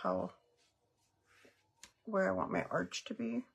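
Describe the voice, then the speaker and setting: Her slow, sing-song voice sits at medium pitch and sounds gravelly and husky. She's a middle-aged woman on a makeup livestream, giggling through casual chat, calling out viewers by name and mixing Spanish into her English.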